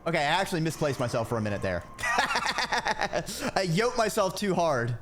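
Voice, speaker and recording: A man's voice: fairly high pitch, very animated, normal speed, over music. A man streaming a video game, chatting casually and playfully, muttering to himself as he plays. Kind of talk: casual gameplay chat.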